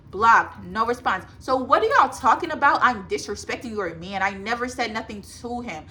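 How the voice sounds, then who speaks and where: A woman's voice: medium pitch, bright, forceful tone, a little hiss or hum. A woman in her twenties telling a personal story to her viewers in a casual, emphatic storytime vlog. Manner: chatty, emphatic, talks straight to viewers. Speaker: vlogger.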